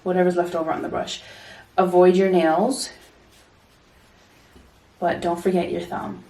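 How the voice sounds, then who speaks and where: A woman's voice: on the low side, flat delivery, unhurried, mellow. A woman, giving a chatty, direct makeup tutorial as a vlogger. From Toronto, Canada. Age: 30s. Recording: echoey room, distant mic.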